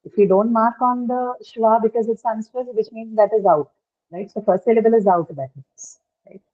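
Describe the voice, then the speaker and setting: A woman's voice: on the high side, normal speed. Woman teacher, methodical explainer who keeps checking understanding; thin phone-line sound. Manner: explains step by step, checks with "right?". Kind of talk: online lesson on word stress.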